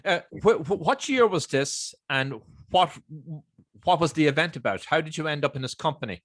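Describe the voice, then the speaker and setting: A man's voice: on the high side, animated, normal speed, fairly bright tone. Man asking probing interview questions. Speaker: interviewer host.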